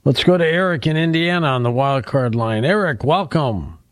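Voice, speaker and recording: A man's voice: on the high side, expressive, normal speed, no echo. Male radio host, easygoing, taking calls, dry studio sound. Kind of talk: late-night radio talk show.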